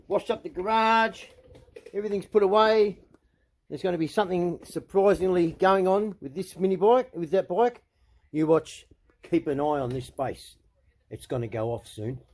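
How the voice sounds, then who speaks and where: A man's voice: high voice, a little slow, a little mellow, rough recording. A middle-aged Australian man ranting into the camera, blunt and sarcastic, swearing a lot. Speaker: vlogger.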